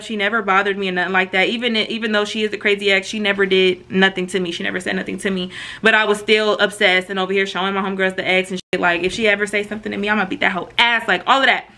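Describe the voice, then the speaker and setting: A woman vlogger telling a story casually and straight to her viewers, animated and full of slang, acting out the quotes. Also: mid-range voice.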